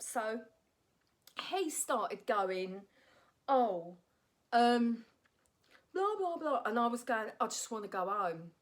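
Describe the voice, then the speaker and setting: A woman, a stand-up comic and actress, telling a candid personal story to her phone camera in a blunt, animated way, often tagging "right?" onto her lines. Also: mid-range voice.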